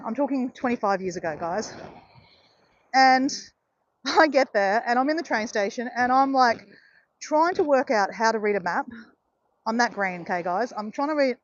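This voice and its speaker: A woman's voice: fairly high pitch, highs cut off, a little hiss or hum. A middle-aged woman chatting casually on a walk, telling a story and often checking in with her viewers. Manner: chatty, keeps saying "guys" and "right". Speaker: vlogger.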